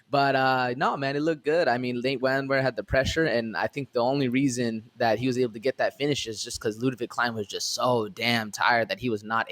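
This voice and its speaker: A man co-hosting a podcast, giving relaxed, rambling fight analysis, full of fillers and "man". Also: mid-range voice. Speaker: podcast co-host. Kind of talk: casual MMA fight analysis.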